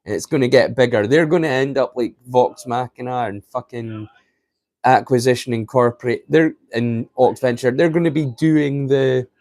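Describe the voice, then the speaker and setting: A man's voice: medium pitch, darkish tone, no echo. A man hosting a live stream in casual chat, rambling and thinking aloud to his viewers.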